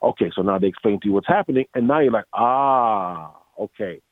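A man with a lowish voice tells stories in an animated way, acting out what others said and often restarting his sentences. The sound is thin and phone-like, and the recording is dry. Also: rapid-fire, husky, no room sound. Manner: animated storyteller, acts out quotes, many restarts. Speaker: voice actor guest. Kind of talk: casual interview. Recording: dry tinny phone-like line.

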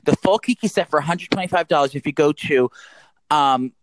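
A man co-hosting a podcast, chatting crudely and excitably about celebrity gossip. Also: fairly high pitch, fairly quick, no room sound, rough recording. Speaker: podcast co-host. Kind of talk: casual gossip chat.

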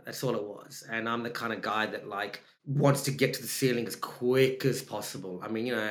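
A man with an Australian accent, an actor telling his story in a candid interview, animated and emphatic, acting out his own thoughts. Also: medium pitch. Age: adult with young children. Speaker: actor and podcast guest. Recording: roomy echo.

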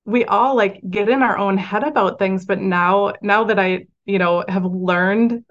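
A woman's voice: mid-range voice, measured pace. Chatty woman guest, muffled sound. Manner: chatty, filler-heavy, reflective. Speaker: mindset coach for parents. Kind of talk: casual interview conversation.

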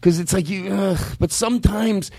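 A man's voice: high voice, moderate pace, vocal fry, dark tone, no echo. A man, a comedian guest, telling a long, rambling comic story with restarts and passionate outbursts.

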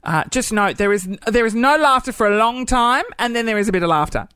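A man's voice: extremely high pitch, lively intonation, brisk, bright, forceful tone, clear, resonant tone, no room sound. A man hosting his podcast in casual, rambling, self-deprecating chat. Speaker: podcast host.

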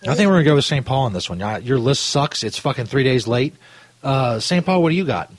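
Husky, quick-talking male radio host; sarcastic, exasperated, lively delivery. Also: mid-range voice, dry recording. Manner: exasperated, sarcastic, swears freely. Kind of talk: comedy radio bit.

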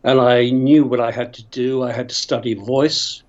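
Older Northern Irish actor guest, rambling raconteur, muffled remote audio. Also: male voice, medium pitch, fairly even intonation, moderate pace, a little mellow. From Northern Ireland. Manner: chatty, rambling storyteller who laughs often. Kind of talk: casual interview storytelling.

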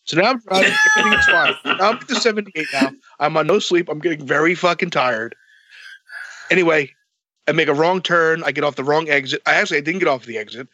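A man telling a long story in a casual, animated way, swearing a lot and acting out both sides of the dialogue. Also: on the high side, fast talker, noisy background.

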